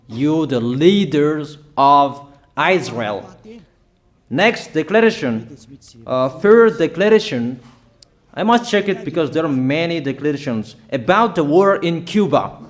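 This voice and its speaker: A man preaching a declaratory sermon, emphatic and repetitive, addressing listeners directly with halting pauses. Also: fairly high pitch, lively intonation.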